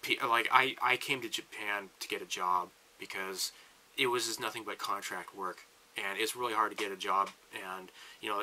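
A man giving a long political rant as a vlogger, talking in bursts with halting restarts. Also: fairly low pitch, steady tone, pushed and bright, low-quality recording.

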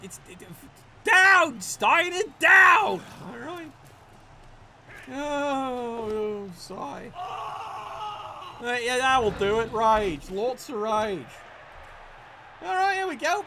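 A man commentating a tabletop-style video game match casually, excitable and profane, stammering when worked up. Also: extremely high pitch, slow, pauses often, noisy background.

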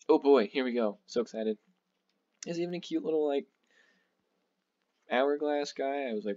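A man hosting a gaming channel, chatting excitedly and casually while he plays, with lots of fillers. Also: on the high side, moderate pace, long pauses, dull audio. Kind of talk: casual let's play commentary.

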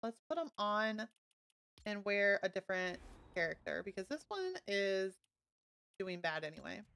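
A woman streaming a video game live, chatting casually to her viewers and gushing excitedly over new items. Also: medium pitch, measured pace, creaky. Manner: bubbly, gushing and easily excited. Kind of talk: casual live-stream chat while playing.

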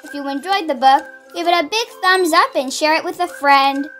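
A young woman hosting a children's read-along, reading slowly, carefully and expressively. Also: high-pitched, fairly bright tone, faint music behind. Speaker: storybook read-along host. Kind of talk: children's read-aloud narration.

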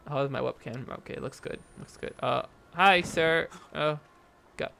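A young man talks his way through a horror game in a gravelly, slightly raised voice, with a faint hiss under the desk mic. He chatters nervously to viewers, full of ums and uhs, and often breaks into frightened cries. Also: a little high, unhurried, pushed and bright. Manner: jumpy, nervous chatter with frequent fillers and frightened exclamations. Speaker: gaming YouTuber. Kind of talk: horror game let's play commentary. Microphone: desk mic with face cam.

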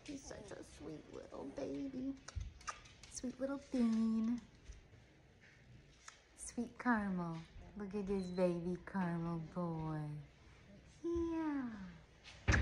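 A woman's voice: mid-range voice, animated, slow, pauses often, background noise. A woman who breeds dogs, showing puppies one by one and cooing at them in baby talk. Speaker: dog breeder. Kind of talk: cooing puppy showcase.

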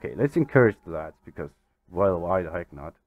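A man's voice: low-pitched, fairly quick, no echo, phone-quality sound. Exasperated man narrating a football game. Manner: exasperated, excitable, swears mildly. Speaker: gaming channel host. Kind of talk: let's-play commentary.

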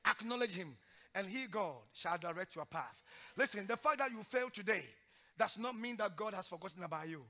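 A male pastor preaching a sermon in church, swinging from loud, forceful exhortation to hushed, emotional storytelling. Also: high voice, lively intonation. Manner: sings hymn lines slowly during the sermon.

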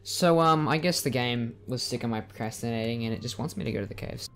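A man giving let's play commentary at his computer, joking and reacting with excitement to the game as he plays. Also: medium pitch, fast talker, vocal fry, a little hiss or hum. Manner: excitable, jokey, yelps and laughs at the game. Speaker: gaming YouTuber.

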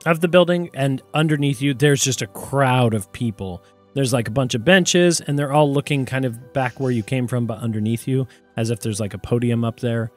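A man's voice: medium pitch, normal speed, soft background music. A man narrating as game master in a casual, conversational way with filler words.

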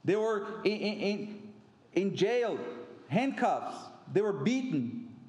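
A man's voice: high voice, big pitch swings, slow pace, darkish tone. A middle-aged man preaching a sermon as pastor, telling stories and acting out quotes conversationally. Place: church sanctuary. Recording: echoey church hall.

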